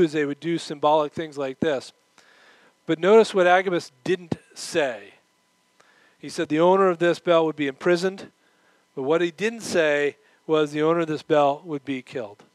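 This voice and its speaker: Middle-aged man, sermon delivery, animated storyteller, higher-pitched, dry booth-like sound. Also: no echo, rough recording. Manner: animated, acts out quoted voices; moves around while preaching. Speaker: pastor.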